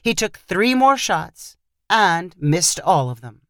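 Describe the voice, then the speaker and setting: Low, expressive woman reading a story. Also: slow, dry recording, studio quality. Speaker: narrator. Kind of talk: scripted narration of a short story.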